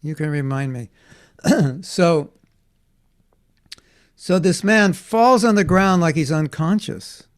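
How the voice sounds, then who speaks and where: A man teaching a class for children, telling stories in an animated way and acting out the voices he quotes. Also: on the high side, slow pace, pauses often.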